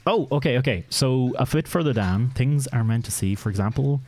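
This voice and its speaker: A man streaming a video game, giving casual commentary in a dry, flat-sounding way. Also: medium pitch, fairly quick, no echo. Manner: self-described monotone, dry and offhand. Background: game music.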